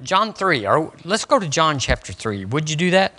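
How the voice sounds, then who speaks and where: A male pastor preaches with a bright, ringing tone. His pitch sits a little high and swoops widely as he drives his points home. He keeps turning to the congregation with questions. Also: moderate pace. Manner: animated preaching, quizzes the congregation. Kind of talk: sermon. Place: church service.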